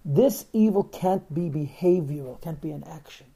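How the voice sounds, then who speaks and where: This Torah teacher speaks warmly, at a fairly high pitch and a normal pace. He leads a religious-text class, asking rhetorical questions and answering students' remarks.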